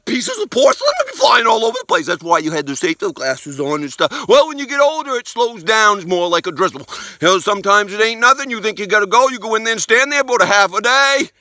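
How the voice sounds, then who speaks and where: Male comedian as an old country codger, very high and pinched, rambling and crude. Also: animated, fast, pushed and bright, no room sound, exaggerated voice. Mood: rambling folksy. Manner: rambling, folksy, crude, stumbling restarts. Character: rambling crude old rural man, folksy storyteller. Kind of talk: comic monologue in character.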